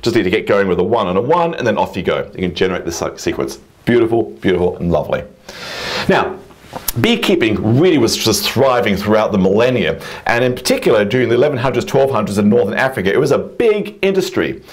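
A man teaching a math lesson at a whiteboard, enthusiastic and quick to exclaim over the beauty of the ideas. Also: fairly low pitch, very animated.

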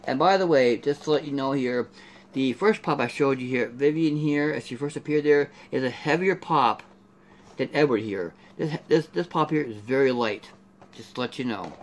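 A man's voice: medium pitch, moderate pace. Rambling man reviewing collectible figures. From Canada. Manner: rambling, repeats "there" and "here" a lot. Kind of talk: casual unboxing review.

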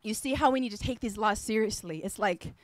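A woman's voice: medium pitch, fairly quick, no echo. A woman apostle preaching a sermon, fervent and emphatic, repeating phrases as she exhorts her listeners.

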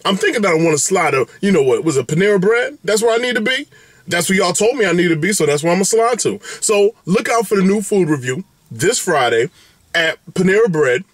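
Casting: upbeat male food vlogger, high voice, dry close sound, playful and animated. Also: brisk, dry recording. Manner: exuberant, playful, big swings in pitch and catchphrases. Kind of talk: animated direct-to-camera vlog update.

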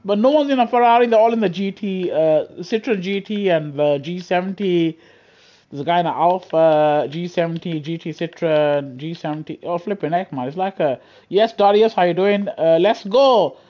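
Over his gaming headset, a British-accented streamer gives lively, chatty commentary on a racing game at a moderate pace. His voice runs a little high, and he laughs a lot while feigning outrage.

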